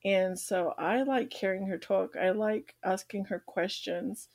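A woman co-hosting a podcast in casual chat, bubbly and quick to laugh. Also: medium pitch, darkish tone, no room sound, studio quality. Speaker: podcast co-host.

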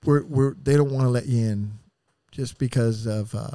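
A man telling his rough story on a podcast, with an average pitch and a bluntly profane, animated way of talking. His voice is close and dry, with no room echo. He jumps into quoted voices as he retells what happened. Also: normal speed. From San Diego area. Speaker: podcast guest. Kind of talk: candid storytelling.

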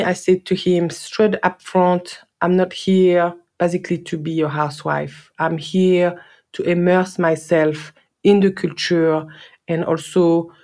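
A woman's voice: on the low side, darkish tone. A woman from Guadeloupe with a French accent, telling her own story in an earnest, reflective way and repeating words for emphasis. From Guadeloupe, French Caribbean. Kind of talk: personal storytelling.

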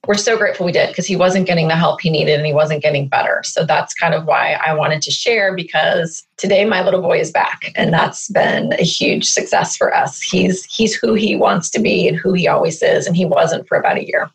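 A woman in her thirties, a mother, telling her family's story in an interview, animated and emotional. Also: lowish voice, fairly quick, gravelly, hardly any pauses, low-quality recording. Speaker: guest, mother.

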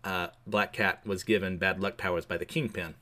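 A man casually recapping a comic book issue, chatty and quick to laugh, with many fillers. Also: low voice, fairly even intonation, sharp tone.

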